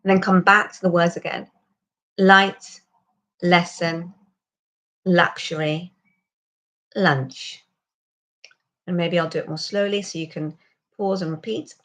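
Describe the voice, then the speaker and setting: A woman giving a pronunciation lesson, calmly explaining and slowly modelling sounds for the listener to repeat. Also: lowish voice. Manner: calm, instructive, models sounds slowly for repetition. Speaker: accent coach.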